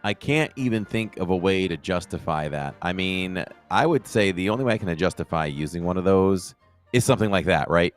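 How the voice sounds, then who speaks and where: A man with a low voice co-hosts a casual podcast, chatting in a rambling, animated way. Soft music plays faintly underneath. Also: brisk. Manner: animated, rambling, rises in pitch when excited. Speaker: podcast co-host.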